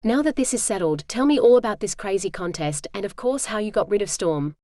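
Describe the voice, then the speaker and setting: A woman's voice: medium pitch, expressive, brisk, warm tone, dry recording, clean studio sound, natural voice. A synthetic female voice reading a blunt, demanding woman's lines in an audiobook, reproachful in tone. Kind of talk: digitally narrated audiobook.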